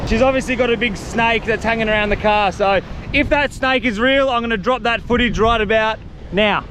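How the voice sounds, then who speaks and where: Aussie bloke vlogging outside, kinda high voice, chatty and calming, faint noise around. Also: male voice, fairly quick. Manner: reassuring, chatty, excitable. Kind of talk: casual vlog talk to camera and on the phone. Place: outdoors in the outback.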